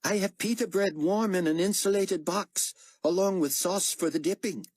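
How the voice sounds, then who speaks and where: A man's voice: high-pitched, normal speed, darkish tone, slightly rough, no echo, voice pushed up. A man voicing a polite, formal Jordanian man with overly proper phrasing.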